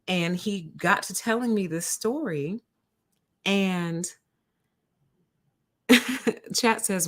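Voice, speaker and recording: On her livestream, a female host spins an animated tale for her chat, addressing viewers as honey and y'all. Her pitch is medium, and she talks slowly with long pauses.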